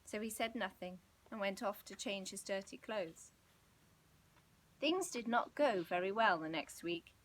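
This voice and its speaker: A woman reading a children's storybook aloud in an expressive, gently dramatic way. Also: mid-range voice, unhurried, low-quality recording. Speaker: storybook reader.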